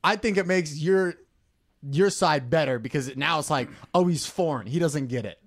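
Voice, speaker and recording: A man's voice: on the high side, normal speed. A man co-hosting a podcast, joking and teasing crudely while reacting to an old video. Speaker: podcast co-host. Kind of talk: casual reaction chat.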